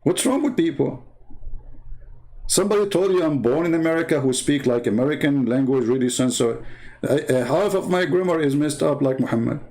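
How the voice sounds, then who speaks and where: A Middle Eastern man, a native Arabic speaker with an Arabic accent, talks briskly in a higher, somewhat dark voice. An online debater and channel host, he gives sarcastic, exasperated casual commentary and tells mocking anecdotes.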